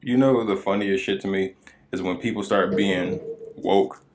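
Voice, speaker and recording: Low-voiced man in joking banter. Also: fairly even intonation, unhurried. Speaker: podcast co-host. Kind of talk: casual chat.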